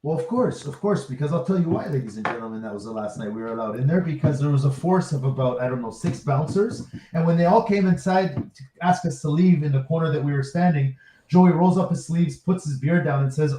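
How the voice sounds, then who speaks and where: A fairly high-voiced man trades laughing banter on a podcast and teases his co-host about his stories. His voice rings in an echoey room with a faint noise behind it. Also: fast, dark tone. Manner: laughing, teasing, addresses listeners. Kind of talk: casual chat.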